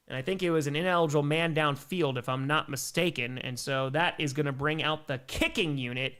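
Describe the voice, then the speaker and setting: A man's voice: on the high side, brisk, few pauses, clear, resonant tone. A man hosting a live football watch stream, calling plays and chatting with viewers. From Milwaukee, Wisconsin. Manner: excitable play-by-play, reads viewer messages. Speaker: host. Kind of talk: live game commentary and chat.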